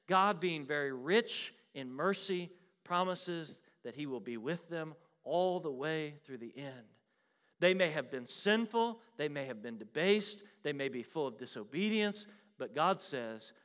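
Man preaching a sermon, slightly high voice. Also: expressive, measured pace. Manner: swings between loud declarations and hushed, quiet lines; addresses listeners as "beloved".

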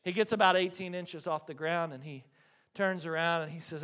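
A man in his thirties, a pastor preaching a sermon, telling stories with lively energy and often checking in with the congregation. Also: a little high, moderate pace. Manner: animated storytelling, frequent "right?" to the congregation.

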